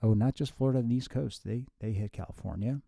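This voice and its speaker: A man playing his own future self, a nearly hundred-year-old time traveler who speaks slowly and lectures like a professor, with many hesitations. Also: medium pitch, creaky, warm tone, no room sound, clean studio sound. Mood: grave. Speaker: host. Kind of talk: comedy sketch with himself.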